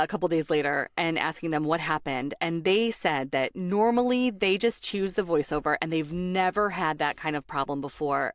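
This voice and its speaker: A woman's voice: sits low, clear, resonant tone, no room sound, studio quality. A young American woman, a voice actor, telling a funny work story in a bubbly way and laughing often. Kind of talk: casual storytelling.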